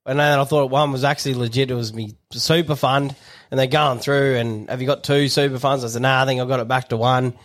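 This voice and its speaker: A man's voice: mid-range voice, fairly even intonation, a little fast, a bit bright. Brief: Australian man, podcast co-host, laid-back, agreeable, short replies. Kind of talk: casual chat.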